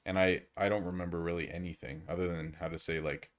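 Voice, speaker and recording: A young man with a lowish voice chats casually with his stream audience, rambling along and often laughing at himself. He speaks into a desk microphone. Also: fairly even intonation, fairly quick. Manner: laughing, rambling, self-deprecating. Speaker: game streamer. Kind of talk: casual live-stream chat.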